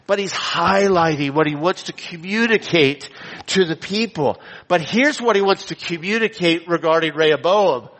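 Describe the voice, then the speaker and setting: Male preacher, a bit high-pitched, emphatic and repetitive, recorded with a long hall echo. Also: a bit bright. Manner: emphatic, repeats key phrases, slows down for stress. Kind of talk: expository sermon with scripture reading. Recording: long reverb of a large hall.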